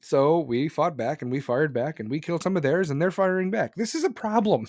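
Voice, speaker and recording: A man's voice: a little high, a little fast, darkish tone, dry recording, studio quality. A male podcast host ranting about politics in a blunt, profane, heated way. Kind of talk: opinionated political rant.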